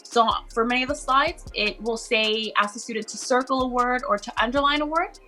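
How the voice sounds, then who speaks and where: A woman's voice: a little high, a little fast, bright, forceful tone, soft background music. A woman mentor explaining an online teaching mock class in an upbeat, encouraging way. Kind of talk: instructional video chat.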